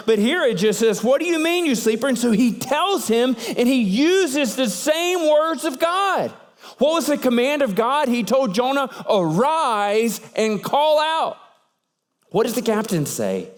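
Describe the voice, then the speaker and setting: A man preaching a sermon, telling the story in an animated way and acting out the sailors' lines. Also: sits high, in a large hall. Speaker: pastor.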